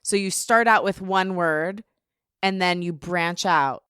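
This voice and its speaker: A woman's voice: fairly low pitch, slow pace, fairly bright tone, clear, resonant tone, no echo, clean studio sound. A woman podcast host chatting with her guest in an enthusiastic, upbeat way. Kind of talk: casual interview chat.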